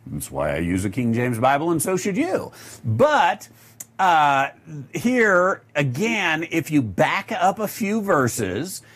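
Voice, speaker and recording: A man teaching the Bible verse by verse, reading scripture aloud and explaining it, with many filler pauses. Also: fairly high pitch, very animated, a bit bright.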